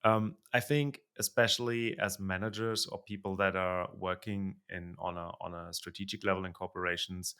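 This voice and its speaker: Male podcast host with a low, gravelly voice. Hesitant and searching for words. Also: flat delivery, moderate pace, few pauses, fairly bright tone. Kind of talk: conversational interview.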